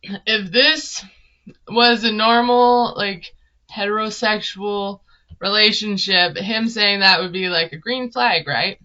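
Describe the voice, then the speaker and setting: A woman's voice: mid-range voice, takes it slowly, bright, forceful tone, highs cut off. A woman, recapping a reality show in casual, sarcastic commentary. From Minnesota. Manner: chatty, sarcastic, laughs often. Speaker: TV recap vlogger.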